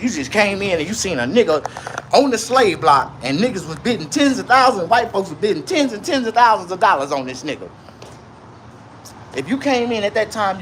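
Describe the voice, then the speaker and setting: Man, AAVE, livestream rant, lively swooping pitch, noise behind. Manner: loud animated ranting with profanity, then calmer asides. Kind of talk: ranting live commentary.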